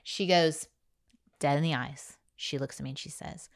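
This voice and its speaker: A middle-aged woman with a slightly low voice co-hosts a chatty podcast. She tells stories with animation, jumping into the voices of the people she quotes. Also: moderate pace. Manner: animated storyteller, acts out quotes. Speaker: podcast co-host. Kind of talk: casual chat and storytelling.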